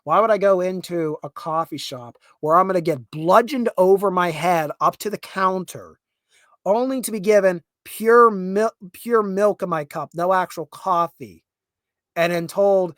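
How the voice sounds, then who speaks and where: A man's voice: high-pitched, normal speed, fairly bright tone, no room sound, clean studio sound. A young man with a Pittsburgh accent, hosting a podcast and ranting casually, laughing and restarting as he goes. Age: young adult. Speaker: podcast host. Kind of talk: casual rant.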